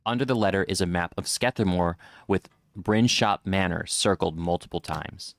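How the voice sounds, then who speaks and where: A man's voice: deep voice, moderate pace, gravelly, no room sound. A man streaming a video game in casual commentary, chatting and reading in-game notes aloud into a desk microphone. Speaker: gaming streamer. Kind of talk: casual let's-play commentary. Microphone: desk microphone at a computer.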